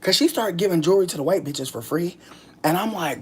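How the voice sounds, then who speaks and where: Talking to camera, a young vlogger from the United States rambles animatedly at a slightly fast clip, cursing and joking brashly. She sounds a bit breathless, swinging from low muttering to loud bursts, with a faint hiss underneath.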